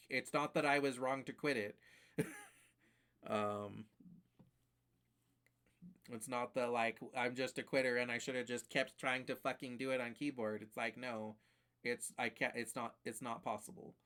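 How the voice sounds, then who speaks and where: A man's voice: mid-range voice, steady tone, unhurried, pauses often, a bit bright. A man streaming live, ranting casually and profanely about games that beat him, rambling with fillers.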